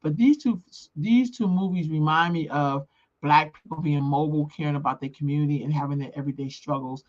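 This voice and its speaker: An older woman co-hosting a casual chat, outspoken and emphatic, moving between calm reflection and heated rants. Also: low-pitched, fairly quick, highs cut off. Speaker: co-host.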